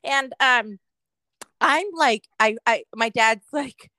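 High bright woman, wry and profane. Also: slow pace, no room sound. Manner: profane, wry, rambling anecdotes. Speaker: podcast co-host. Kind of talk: casual storytelling chat.

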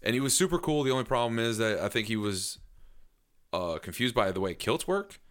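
A man's voice: mid-range voice, lively intonation, fairly quick, a bit bright. A married man in casual chat, telling stories in an easygoing, slightly sheepish way. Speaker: haunted attraction actor.

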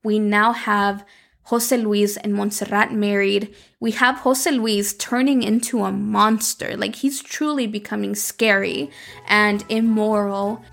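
A woman hosting a podcast, recapping a story in a chatty, expressive way and slipping in Spanish words. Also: mid-range voice, creaky. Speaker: podcast host.

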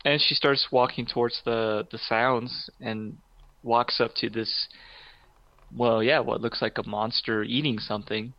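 A man's voice: mid-range voice, steady tone, a little slow, no echo, dull audio. A man co-hosting a podcast in casual chat, rambling and enthusiastic with many fillers.

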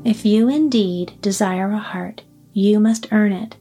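Woman doing a booming storybook wizard-beast, slow, commanding, deep mellow roar, faint music. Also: breathy edge. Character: great terrible male wizard as a roaring beast.

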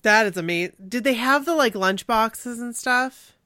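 A woman's voice: on the high side, normal speed, bright, forceful tone, no echo, clean studio sound. A woman co-hosting a casual fan podcast, chatty and giggly, with plenty of likes and trailing fillers. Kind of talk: casual fan chat, reading out a listener story.

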